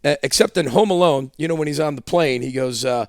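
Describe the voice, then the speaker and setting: A man's voice: on the high side, a little fast, creaky, no room sound, studio quality. A man, a football coach, telling a story in a casual podcast interview and acting out dialogue. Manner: animated storyteller, acts out dialogue. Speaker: head football coach, guest. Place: podcast studio.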